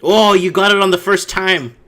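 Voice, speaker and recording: A man hosting a call-in show, chatting casually and asking his caller lots of quick questions. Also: sits high, steady tone, bright, forceful tone. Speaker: talk show host.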